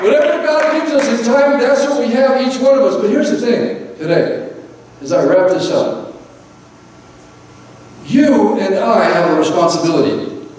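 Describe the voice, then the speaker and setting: A man's voice: very high voice, darkish tone. A male pastor delivering a fervent, rhythmic sermon from a church pulpit, his calls rising and falling. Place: church sanctuary. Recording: echoey church hall from far off.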